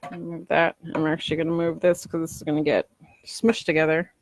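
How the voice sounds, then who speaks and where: A woman's voice: low voice, flat delivery, brisk, dry recording. Chatty woman demoing crafts at home. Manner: chatty and rambling, acts out customers' lines. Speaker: polymer clay crafter selling ornaments. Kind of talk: casual live craft demo.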